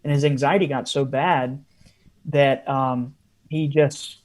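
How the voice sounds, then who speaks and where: A man's voice: mid-range voice, little pitch movement, slow pace, a little mellow. A man, a podcast guest, telling a long story in a casual interview style with frequent asides.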